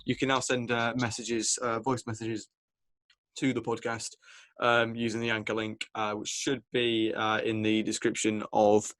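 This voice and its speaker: A man's voice: on the low side, completely flat delivery, normal speed, fairly bright tone, no echo. Rambling young man hosting a podcast. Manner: rambling, lots of ums and uhs, laughs often. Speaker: podcast host. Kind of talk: casual podcast chat.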